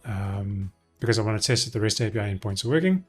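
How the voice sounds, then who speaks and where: A man's voice: on the low side, lively intonation, fast, husky, faint music behind. A man live-streaming a coding session, explaining his steps casually as he thinks aloud with frequent ums and self-corrections.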